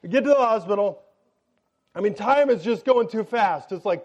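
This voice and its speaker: A pastor delivers his sermon as a lively story, playing the other people's lines in quick little voices. He is a middle-aged man with a high voice. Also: dull audio. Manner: animated, jokey storytelling with acted-out quotes.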